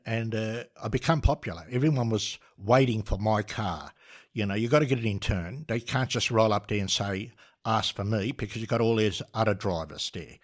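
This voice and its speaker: A man's voice: on the low side, moderate pace. An older Australian man, a podcast guest, telling a story with energy, laughing and restarting often. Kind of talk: animated storytelling.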